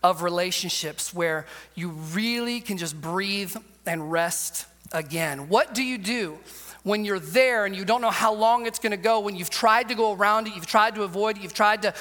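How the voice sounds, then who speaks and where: A male pastor with a high, bright, forceful voice tells a comic story as he preaches. He acts out every quote with lively energy. A long reverb from a large hall trails his words. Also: moderate pace. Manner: animated storyteller, acts out quotes, laughs often. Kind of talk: sermon with a humorous personal story.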